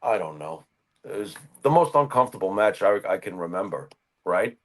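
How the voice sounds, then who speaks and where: A man's voice: low voice, moderate pace. A man co-hosting a wrestling podcast, telling a personal story in casual chat. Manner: animated anecdote teller. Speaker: podcast co-host.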